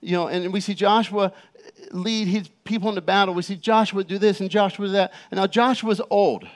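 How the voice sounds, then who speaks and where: A middle-aged pastor with a light, high voice delivers a sermon. He talks casually through family stories, full of "you know" and restarts, then reads scripture slowly. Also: fairly even intonation. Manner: conversational, personal storytelling with frequent fillers.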